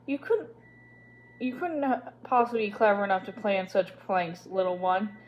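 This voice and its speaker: A haughty English lady, done by a woman reading the story, lays out her plans in a condescending drawl. Her manner is grating and superior, talking down to a little girl. She mocks even while she sounds polite. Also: medium pitch, a little fast, lo-fi sound, slight background noise, natural voice. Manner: condescending, mocking.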